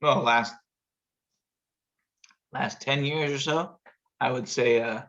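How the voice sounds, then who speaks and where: A man's voice: mid-range voice, slow pace, a bit bright, lo-fi sound. A man hosting a casual video-call chat, telling a long rambling story and acting out what people said with big jumps in his voice. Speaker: show host telling a story.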